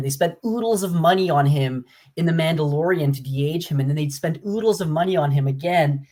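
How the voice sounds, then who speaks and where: A man's voice: a little high, fairly quick, darkish tone. A man speaking as a guest on a casual panel chat, earnest and argumentative.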